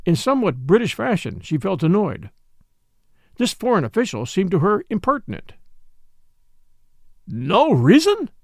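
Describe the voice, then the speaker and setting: A man's voice: high-pitched, normal speed, no echo, studio quality. A man narrating a mystery novel as an audiobook, reading expressively. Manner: expressive storytelling.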